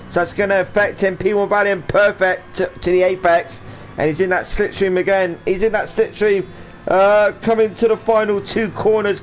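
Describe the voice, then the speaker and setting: High-voiced man calling a sim race. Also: slight background noise. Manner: rambling, jokey, does silly voices for drivers. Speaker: race commentator and driver. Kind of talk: excited live sim-racing commentary.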